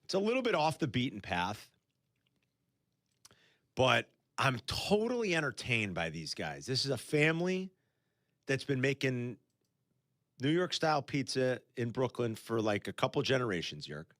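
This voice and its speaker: A man hosting a sports radio show, chatting casually and telling stories with animated disbelief in a studio. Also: mid-range voice, moderate pace, pauses often, no room sound. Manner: animated storyteller, exclaims in disbelief. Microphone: studio microphone.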